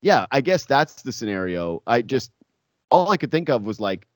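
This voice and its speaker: A man co-hosting a sports podcast, rambling and animated with many filler words in casual chat. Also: medium pitch, normal speed, no echo, studio quality.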